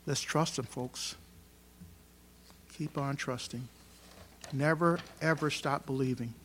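A man preaching a sermon to his congregation in a church, emphatic and swinging between loud stresses and quiet asides. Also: mid-range voice, steady tone, slow pace, slight background noise. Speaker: pastor. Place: church hall.

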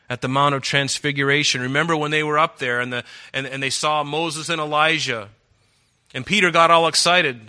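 A man preaches a sermon in a bright, forceful voice. He earnestly reads scripture aloud and unpacks it verse by verse. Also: mid-range voice.

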